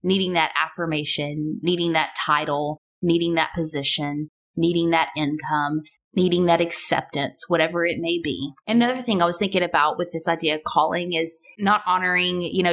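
Gravelly-voiced woman chatting on a podcast. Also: fairly low pitch, normal speed, a bit bright. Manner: chatty and playful, rhetorical questions. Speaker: podcast host. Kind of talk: casual solo podcast monologue.

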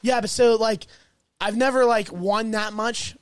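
A man's voice: high voice, fairly even intonation, unhurried, smooth, no room sound. A man hosting a casual podcast chat, telling a long story and swearing freely as he goes. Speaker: podcast host.

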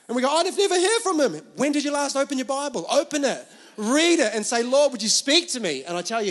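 A man with a high-pitched voice preaches a sermon, leaning hard on repeated phrases and urging his listeners on. He delivers it from a stool on a church stage, pressing each point with fervent emphasis. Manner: emphatic preaching with repetition and "come on" exhortations. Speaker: pastor.

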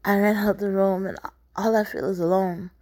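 A woman's voice: mid-range voice, steady tone, normal speed, mellow. A woman, the author, reading her own book aloud in an intense, poetic, rhythmic spoken-word style.

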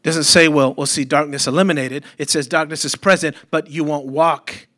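A man's voice: on the high side, fairly even intonation, normal speed, pushed and bright. A man pastor preaching a sermon in a church, conversational and humorous, with frequent rhetorical questions to the congregation.

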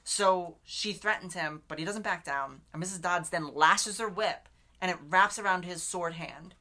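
A woman's voice: fairly low pitch, normal speed, bright, forceful tone. A woman co-hosting a casual book podcast, recapping chapters in a chatty way full of "like" and "literally". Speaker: podcast co-host.

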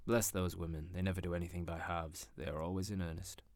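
A man's voice: low-pitched, little pitch movement, quick pace, no echo, studio quality. A man voicing a jovial young man who laughs heartily, in a storybook reading. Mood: merry. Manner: hearty, laughing, bright delivery.

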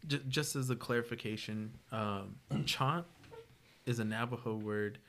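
A man's voice: medium pitch, a little slow, a bit bright. A man from New Mexico, co-hosting a podcast, who explains points in a casual, clarifying way. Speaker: podcast co-host. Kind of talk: casual chat.

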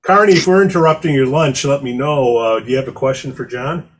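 A man's voice: medium pitch, fairly quick. A man co-hosting a casual podcast, joking and teasing the guest. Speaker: podcast co-host.

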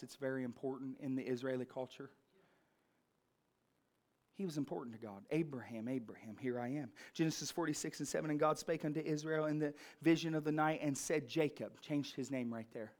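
A male pastor preaching a sermon, reading scripture aloud and swinging between soft reading and loud, fervent preaching. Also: a little high, fairly quick.

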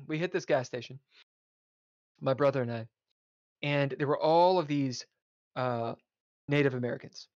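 A man's voice: medium pitch, measured pace, long pauses, darkish tone, dry recording. A man, a podcast guest, telling a casual road-trip story with swearing and laughter. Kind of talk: casual chat. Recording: dull lo-fi audio.

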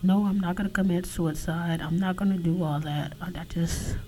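A man talking alone on his podcast in a halting confessional monologue, often dropping to a whisper and swearing. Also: sits high, steady tone, darkish tone, faint music behind, low-quality recording. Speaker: podcast host.

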